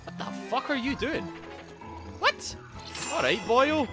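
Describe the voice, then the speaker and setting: A Scottish man commentating his gameplay live, greeting viewers and yelling in panic when things go wrong. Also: very high voice, takes it slowly, over loud music. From Scotland. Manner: excitable, yelps and shouts in panic, greets chat. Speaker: streamer.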